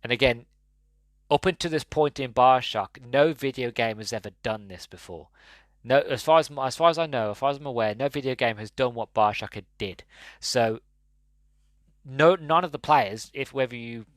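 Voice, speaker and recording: A man's voice: medium pitch, moderate pace, a bit bright, no echo. A man hosting a podcast, talking casually and enthusiastically about a game, rambling with many restarts. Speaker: podcast host. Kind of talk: casual solo game-review talk.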